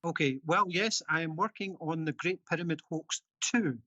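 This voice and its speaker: A man's voice: fairly high pitch, normal speed, sharp tone, no room sound, muffled recording. A Scottish man being interviewed as an author and researcher, talking earnestly and insistently, with plenty of ums. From Scotland. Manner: earnest, insistent, many fillers. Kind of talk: casual interview talk.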